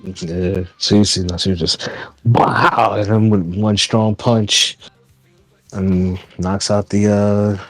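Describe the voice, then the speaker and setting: Slow-talking man with a low voice. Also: little pitch movement, no room sound, soft background music. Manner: slow, short replies. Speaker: player. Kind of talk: tabletop game table talk.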